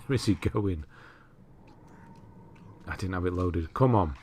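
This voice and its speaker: Low-voiced man commentating gameplay. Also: takes it slowly, a little hiss or hum. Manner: relaxed, chatty, laughs at himself, self-correcting. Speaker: walkthrough commentator.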